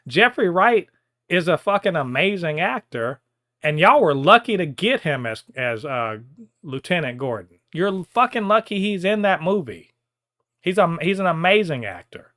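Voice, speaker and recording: A man's voice: on the high side, fairly bright tone, no echo, studio quality. A man co-hosting a podcast, ranting in a heated, profane way in casual chat. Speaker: podcast co-host.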